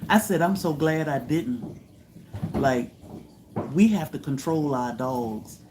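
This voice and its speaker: A woman, hosting a casual livestream and telling stories in a lively way, jumping up high and loud when she acts out what people said. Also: slow pace, noisy background. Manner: animated, acts out quotes with high loud bursts. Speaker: homestead channel host.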